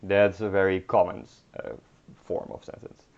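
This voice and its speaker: Young male language teacher, low voice, halting delivery with dry wit, muffled lo-fi audio. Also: flat delivery. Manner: hesitant, many ums and restarts, dry humor. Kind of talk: online beginner language lesson. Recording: dull lo-fi recording.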